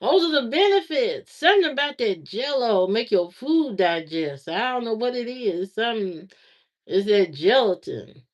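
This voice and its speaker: A woman's voice: medium pitch, animated, measured pace. A woman with a Southern US accent hosting a casual livestream, chatting in a rambling way and greeting viewers by name. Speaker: livestream host. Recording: slightly dull lo-fi stream audio.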